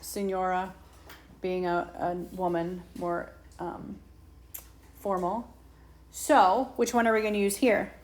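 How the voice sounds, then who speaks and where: A woman teacher, slowly and patiently walking students through a Spanish lesson and asking them questions. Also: on the low side, flat delivery. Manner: slow patient explaining, asks students questions. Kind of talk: recorded whiteboard lesson. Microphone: tablet mic.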